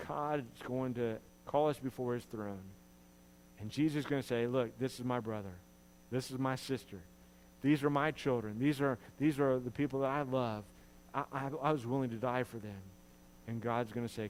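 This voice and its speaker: A man's voice: mid-range voice, darkish tone, a little hiss or hum, rough recording. Earnest male pastor preaching a sermon. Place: church.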